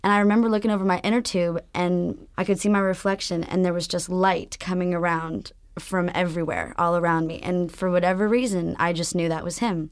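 A woman in casual conversation, earnestly recalling a personal experience with soft laughs. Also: on the low side, steady tone, a little fast, hardly any pauses, clear, resonant tone, no echo, clean studio sound.

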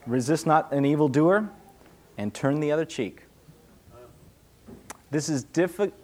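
A man, a pastor, answering questions in a casual, conversational sermon, acting out small voices. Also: mid-range voice. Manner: conversational, animated, acts out little voices.

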